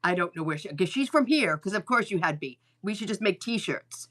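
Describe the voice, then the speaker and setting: A woman's voice: mid-range voice, lively intonation, moderate pace, fairly bright tone. A woman hosting a live stream as a psychic medium, chatting casually and telling stories, often repeating her lines and swearing freely. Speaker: psychic medium livestream host. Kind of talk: casual livestream chat and storytelling.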